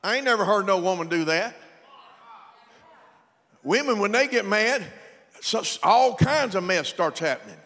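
A male pastor preaching a sermon, animated and comic, rising to shouts at his peaks. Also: sits high, measured pace, long pauses. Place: church sanctuary. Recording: long reverb in a church.

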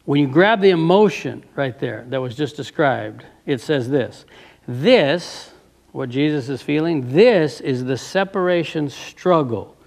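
A man's voice: fairly high pitch, lively intonation, a little slow, vocal fry, darkish tone. A man preaching a sermon, reading passages aloud and stopping to ask his listeners fervent rhetorical questions. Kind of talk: sermon reading from a book with commentary.

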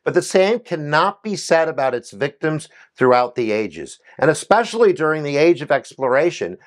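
Lively, jokey male history teacher. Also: on the high side, moderate pace. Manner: energetic and jokey, with playful asides. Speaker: history educator. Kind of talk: quick educational explainer.

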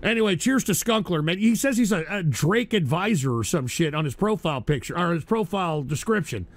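A man hosts a live stream show in a high, gravelly voice that swings widely in pitch. He rants and swears in exasperation at his chat, flustered as he loses his place. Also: animated, fairly quick, dry recording. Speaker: livestream radio show host. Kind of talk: profane live stream rant.

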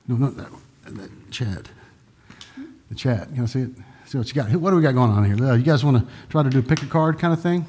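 A man from Texas talks his way through card tricks on a live stream, his husky voice trailing off in a long reverb. He rambles, restarts and drops corny jokes between moves. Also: a little high, expressive, fairly quick, darkish tone. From Dallas, Texas. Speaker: magician. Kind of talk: live-streamed magic show with joking patter.

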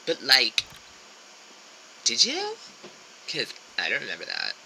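A man's voice: medium pitch, huge pitch swings, takes it slowly, gravelly, sharp tone, slight background noise, low-quality recording. Man gushing over a game playthrough. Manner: gushing, amused asides. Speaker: streamer. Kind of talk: casual game playthrough commentary.

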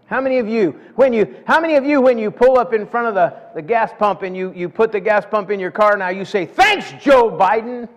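A man's voice: high voice, quick pace, hardly any pauses. A middle-aged man preaching a sermon in a folksy way, often repeating words as he builds up to a point. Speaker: pastor. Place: church sanctuary. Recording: dull sound with long church hall reverb.

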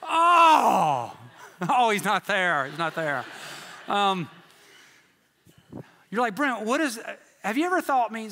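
A man preaching a sermon in a large church, telling jokes and stories in a folksy, animated way. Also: high voice. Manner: joking storyteller, folksy and animated. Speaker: pastor. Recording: reverberant church hall.

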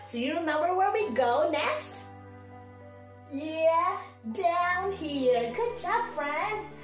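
A woman's voice: extremely high pitch, expressive, echoey room, faint music behind. Sing-song woman teaching preschoolers. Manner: slow, sing-song, encouraging teacher talk. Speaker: pre-K teacher. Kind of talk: remote morning message lesson for small children.

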